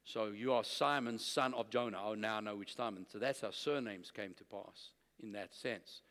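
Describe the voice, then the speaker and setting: A man preaching a sermon, telling stories and building to loud declarations of faith. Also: fairly low pitch, normal speed, long reverb tail.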